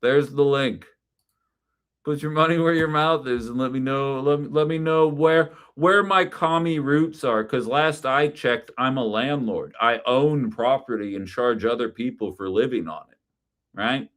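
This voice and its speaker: A man's voice: medium pitch, a little slow, a bit bright. Blunt, sarcastic male call-in host. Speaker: host of a call-in political stream. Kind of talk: casual political commentary.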